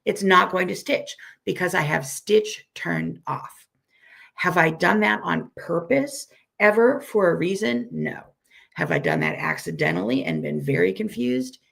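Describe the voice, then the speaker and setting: A woman with a weak, hoarse voice from a recent illness gives a friendly, self-deprecating live software tutorial and repeats each step slowly. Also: fairly low pitch, big pitch swings. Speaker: software instructor.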